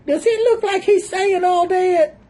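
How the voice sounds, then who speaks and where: A woman's voice: extremely high pitch, measured pace, warm tone. A woman giving casual, sassy commentary on photos, calling viewers "boo" and "honey". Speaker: video commentator.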